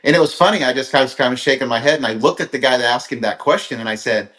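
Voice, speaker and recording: A man's voice: medium pitch, fast talker, few pauses, a bit bright, echoey room. A middle-aged man from Kansas giving an earnest, rambling motivational talk on a livestream, telling stories with frequent restarts. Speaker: motivational speaker. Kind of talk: live-streamed motivational talk.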